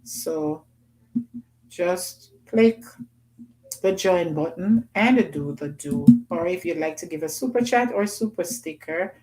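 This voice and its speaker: This woman has a fairly low, slightly mellow voice, captured in a low-quality recording. She hosts a casual livestream, chatting away, laughing often, and reading viewer comments aloud in Jamaican patois phrasing.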